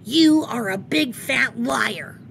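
A woman's voice: fairly high pitch, lively intonation, slow pace, vocal fry, a bit bright, slight background noise, pitched above the performer's own voice, heavily acted. A woman doing a bossy tattletale brother bunny. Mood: accusing.

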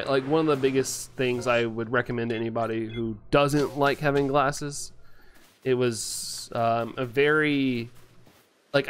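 A man's voice: medium pitch, a bit bright, smooth. A young man chatting casually as a game streamer, rambling with lots of fillers and often laughing. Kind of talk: casual chat while playing, reading chat.

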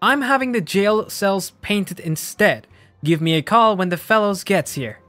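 A man's voice: high voice, expressive, unhurried, bright, forceful tone, no echo, faint music behind. A man streaming a video game, laughing often and reading the game text aloud.

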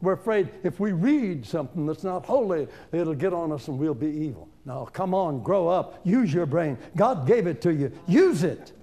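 High, lively older preaching man. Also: moderate pace, hardly any pauses. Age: 70s. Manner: folksy, emphatic, conversational, talking straight to the audience. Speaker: evangelist preacher. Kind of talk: informal seminar sermon.

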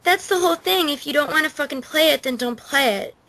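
A woman's voice: high voice, fairly quick, crowd noise, rough recording. Blunt, swearing woman ranting. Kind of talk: casual podcast chat.

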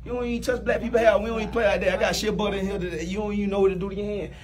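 A man playing a new boss in a comedy sketch, bossy, loud and teasing, with big swings in pitch. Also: flat delivery, very fast, crowd noise.

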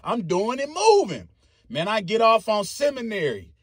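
A man, telling a story casually in a very high, husky voice. He talks in an animated, profane way and makes his own sound effects. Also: moderate pace, dry recording, studio quality.

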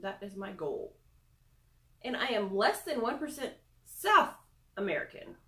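A woman's voice: medium pitch, sing-song, a little slow, fairly bright tone. Chatty young woman in a roomy space. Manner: chatty, self-deprecating, giggly asides. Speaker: product reviewer. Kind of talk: casual screen-recorded review.

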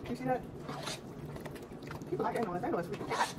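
In her home kitchen, a woman hosts a relaxed cooking vlog, talking fairly quickly in a voice on the high side. She jokes around and laughs at her own lines, and steady background noise comes through the distant mic.

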